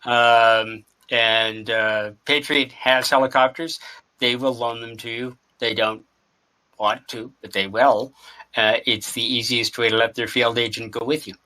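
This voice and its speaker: A man narrating a tabletop game as game master, describing scenes with many pauses and fillers. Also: mid-range voice, fairly even intonation, bright, forceful tone, poor audio. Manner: hesitant, lots of fillers while describing scenes.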